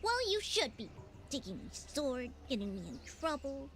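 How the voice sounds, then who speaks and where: A woman's voice: high-pitched, big pitch swings, moderate pace, a bit bright, slight background noise. A woman voicing a small, sarcastic, teasing female flying creature in a video game. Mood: scolding.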